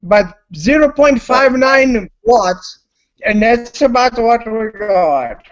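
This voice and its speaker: On a lo-fi live stream picked up by a computer mic, an intoxicated man with a very high voice talks slowly but animatedly. He rambles loosely and curses nonstop.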